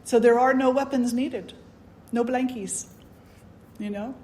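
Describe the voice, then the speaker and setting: Woman teacher telling a story, chatty and lively, lots of "you know". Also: a little high, unhurried. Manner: conversational, animated, many fillers. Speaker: spiritual teacher. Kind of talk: storytelling talk.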